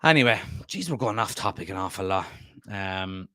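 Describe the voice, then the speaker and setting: A man's voice: deep voice, animated, normal speed, pushed and bright, no room sound. Rambling man reading live comments. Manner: casual, rambling, frequent fillers. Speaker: host of a football fan channel.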